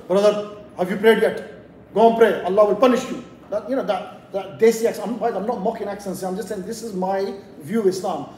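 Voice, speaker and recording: A man's voice: sits high, a little mellow, a little hiss or hum. A man from England giving a motivational lecture to young people in a community hall, telling a casual story with lots of asides. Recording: echoey hall, voice heard from a distant mic.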